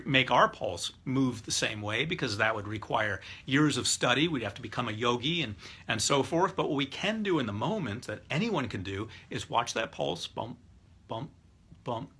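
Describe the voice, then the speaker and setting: A man's voice: medium pitch, bright, forceful tone, slightly rough. A middle-aged man lecturing a live class on rapport techniques, explaining step by step and demonstrating voices and breathing aloud. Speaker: hypnotist teaching NLP.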